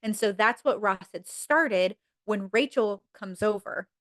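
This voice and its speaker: A woman on a podcast casually retelling TV episodes with lots of fillers, jumping high in pitch to act out each character's lines. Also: measured pace, fairly bright tone, dry recording. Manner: frequent fillers like "um" and "like". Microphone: podcast mic.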